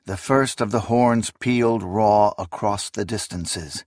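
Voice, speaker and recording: A man reading fantasy narration aloud in a solemn, deliberate manner. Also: deep voice, fairly even intonation, husky, no echo, clean studio sound. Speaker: audiobook narrator.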